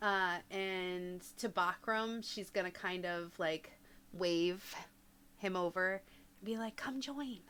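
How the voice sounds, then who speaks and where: A woman's bright, clear voice, casual and playful as she joins in a tabletop game. She chats easily, jokes with the others and laughs often, moving freely between plain talk and her character's lines. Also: lowish voice, fairly even intonation, takes it slowly, slight background noise. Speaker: player.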